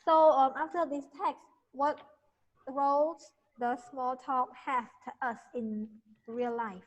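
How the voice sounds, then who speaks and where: English teacher drilling pronunciation. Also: female voice, high-pitched, steady tone, slow, long reverb tail, rough recording. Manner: corrects and drills pronunciation, asks questions. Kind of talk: online class teaching pronunciation. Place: video call.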